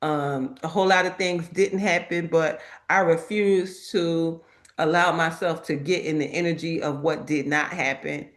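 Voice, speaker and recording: A woman with a somewhat low voice hosts a casual live chat. She tells stories with energy and puts on the voices of the people she quotes. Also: measured pace. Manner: lively storytelling that acts out quoted people. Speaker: host.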